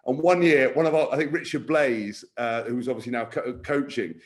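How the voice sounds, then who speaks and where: A man's voice: mid-range voice, normal speed. Guy on a podcast telling wild stories, lots of swearing, plain mid voice. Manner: animated, swearing, acting out quotes. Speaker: podcast co-host. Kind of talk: casual storytelling chat.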